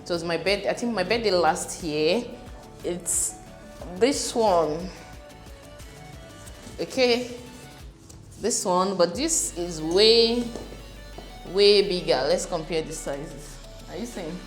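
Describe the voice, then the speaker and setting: A woman chatting casually to her viewers, bubbly and excitable, laughing often. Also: fairly low pitch, takes it slowly, long pauses. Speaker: fashion designer and vlogger. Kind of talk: casual vlog chat. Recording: echoey room with background music.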